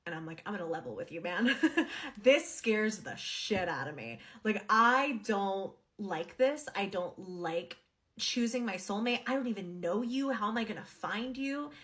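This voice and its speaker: A woman's voice: mid-range voice, lively intonation, a little slow, a bit bright. Chatty woman telling a dream storytime. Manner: chatty and candid, swears, acts out quoted dialogue. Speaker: TikTok storyteller. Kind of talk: casual storytime to camera.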